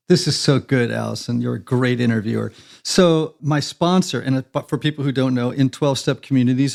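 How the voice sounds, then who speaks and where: Male podcast guest with some fry in the voice; sincere, reflective, leans into emphasis. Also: mid-range voice, darkish tone. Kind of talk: conversational interview.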